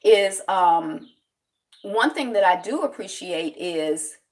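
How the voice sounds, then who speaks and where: A woman's voice: fairly low pitch, expressive, slow. A woman hosting a casual solo commentary show, talking in a rambling, reflective way with many fillers and greeting viewers by name. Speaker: show host.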